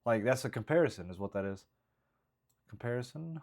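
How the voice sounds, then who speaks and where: Guy rambling about his comedy bits, lots of ums, mid pitch, laid back. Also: animated, a little fast, a little mellow. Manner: rambling, hesitant, many fillers. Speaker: stand-up comedian writing jokes. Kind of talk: casual vlog thinking aloud.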